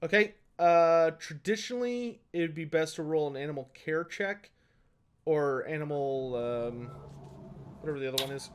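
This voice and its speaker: A man narrating a tabletop fantasy game as its game master, his voice a touch higher than most men's. He describes scenes loosely, with plenty of fillers, as if making things up on the spot. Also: normal speed, smooth.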